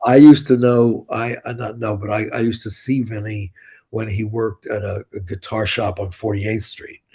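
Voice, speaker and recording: A man's voice: lowish voice, level tone, moderate pace, mellow, breathy edge. An older man, telling rambling, blunt, profane stories as an interview guest. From New York City. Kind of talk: casual storytelling interview.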